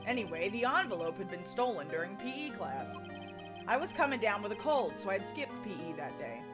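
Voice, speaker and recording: A woman reading the lines of a young man recalling a sad day at school, in her own voice, soft and subdued. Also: medium pitch, very animated, brisk, voice pushed down, close to an everyday voice. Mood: wistful. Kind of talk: game narration read aloud. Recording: music playing underneath.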